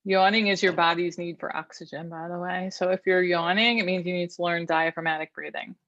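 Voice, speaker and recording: Calm woman guiding breathing, lowish voice. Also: no room sound, lo-fi sound. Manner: calm, instructive, counts slowly. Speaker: therapist leading a workshop. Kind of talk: guided breathing exercise and teaching. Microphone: online video call.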